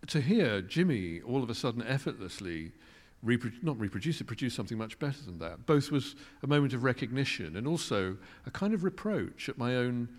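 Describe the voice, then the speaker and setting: In a recording washed in the lengthy reverb of a large hall, a musician guest recounts stories in a reflective interview. His mid-range voice is very animated and fairly quick with hardly any pauses, and his humor is wry, articulate and self-deprecating.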